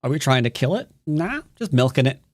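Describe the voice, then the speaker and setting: A jokey man walks viewers through his moves in live-streamed game commentary. His voice swoops high and low as he clowns around. The sound is dry, with no room around it. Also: sing-song, a little fast, no echo. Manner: playful, jokey, breaks into silly sing-song nonsense. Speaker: Go teacher.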